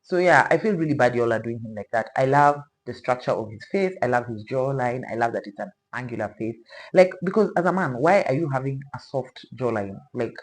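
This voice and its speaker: A woman's voice: a bass voice, fairly quick, poor audio. A woman chatting casually as a reaction vlogger, rambling and playfully opinionated, with slang asides.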